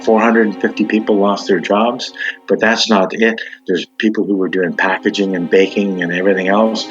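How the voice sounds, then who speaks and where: A man with a somewhat low voice speaks in an impassioned, conversational way during an interview. The audio is dull and lo-fi, with faint music underneath. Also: a bit bright. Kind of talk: interview recollection.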